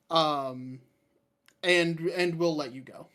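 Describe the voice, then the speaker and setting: A tabletop player who speaks haltingly, with many "um"s and "like"s. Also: mid-range voice, fairly bright tone. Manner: halting, full of filler words. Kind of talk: casual tabletop play.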